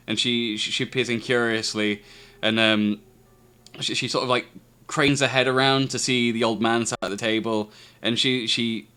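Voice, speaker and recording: A man's voice: fairly low pitch, bright, forceful tone. A man, narrating a tabletop game as game master. He stammers and restarts often and chuckles a lot.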